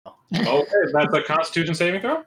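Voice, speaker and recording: A man running a tabletop game as game master, narrating in a relaxed, loose way with fillers. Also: a little high, brisk, echoey room, crowd noise, low-quality recording.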